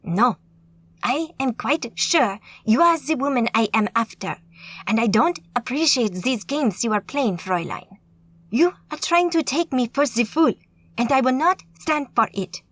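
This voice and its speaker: A woman narrator doing a haughty male magus villain with a heavy German accent, for an urban fantasy audiobook. The voice sits fairly high yet swoops theatrically up and down, pompous and sneering, with an odd, altered timbre. Each line is delivered slowly and with relish. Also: expressive, a bit bright. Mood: indignant. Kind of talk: audiobook character voice.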